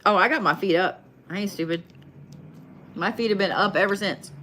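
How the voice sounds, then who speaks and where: A woman's voice: medium pitch, normal speed, bright, forceful tone. A woman giving a live tarot reading in a casual, chatty way, swearing freely. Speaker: tarot card reader.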